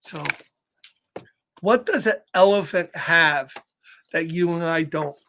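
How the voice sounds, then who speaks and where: A man hosting a children's story time online, reading a picture book aloud with animated, chatty, laughing delivery. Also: fairly high pitch, takes it slowly.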